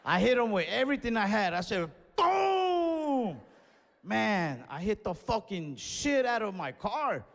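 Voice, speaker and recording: A young man doing stand-up comedy, telling a story in casual slangy talk and breaking into loud acted-out yells. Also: high-pitched, expressive, normal speed, few pauses, a little hiss or hum. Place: comedy stage in a large venue. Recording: live show in a reverberant hall with audience.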